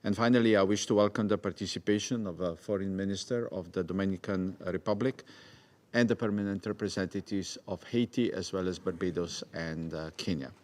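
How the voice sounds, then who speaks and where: A man's voice: low-pitched, fairly even intonation, brisk, darkish tone. A man delivering a formal address as a council delegate, with some hesitations.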